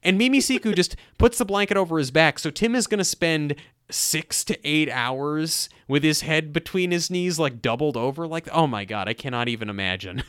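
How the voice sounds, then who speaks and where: A man's voice: a little high, normal speed, fairly bright tone, clean tone, no room sound, clean studio sound. A man co-hosting a comedy podcast, recapping a movie in exasperated, jokey rants. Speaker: podcast co-host.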